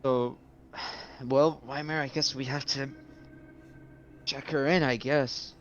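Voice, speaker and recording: A man's voice: medium pitch, fairly even intonation, slow pace, highs cut off. A man playing a tabletop game who talks hesitantly, with many ums and restarts. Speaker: player. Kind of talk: casual tabletop game chat.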